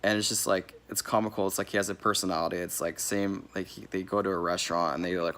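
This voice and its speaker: A man's voice: low voice, little pitch movement, quick pace, hardly any pauses, a bit bright, slight background noise. A man giving a casual, rambling movie review, correcting himself as he goes and laughing here and there. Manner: laughs now and then while talking.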